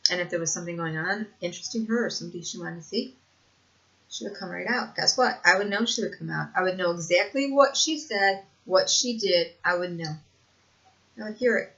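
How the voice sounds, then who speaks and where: A woman's voice: on the low side, a little fast, sharp tone. Earnest older woman talking to camera. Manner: earnest, repetitive, laughs often. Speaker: vlogger sharing lived experience. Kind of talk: casual monologue to camera. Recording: dull lo-fi home recording.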